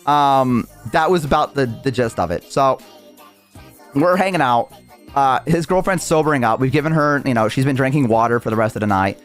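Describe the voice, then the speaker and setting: A man's voice: medium pitch, moderate pace, soft background music. A young man streamer telling a story casually, rambling and swearing with lots of restarts.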